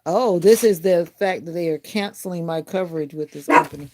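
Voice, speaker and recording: A woman's voice: lowish voice, a little fast. A middle-aged woman hosting a casual livestream from her bedroom, rambling and joking with her viewers. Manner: rambling, laid-back and joking. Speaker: livestream host. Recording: noisy home livestream.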